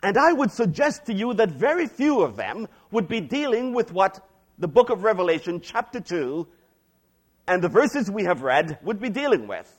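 A middle-aged man preaching a sermon as a pastor, reading scripture slowly and aloud, then praying and teaching. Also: sing-song. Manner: reads scripture slowly, varies pitch widely.

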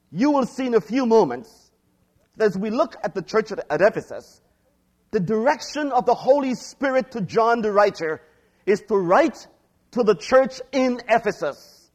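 Male pastor, middle-aged, lively sermon delivery with a high, swooping voice. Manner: reads scripture slowly, varies pitch widely.

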